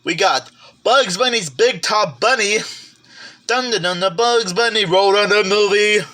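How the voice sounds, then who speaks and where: Slow-talking, high-voiced man vlogger. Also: bright, forceful tone. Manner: slow, chatty listing with self-corrections and asides. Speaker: collector vlogger. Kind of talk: casual show-and-tell of a collection.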